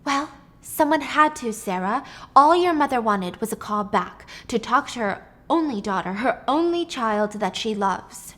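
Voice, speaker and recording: A woman voicing a smug clone who talks in a smooth, condescending way. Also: on the high side, animated, a little slow, a bit bright.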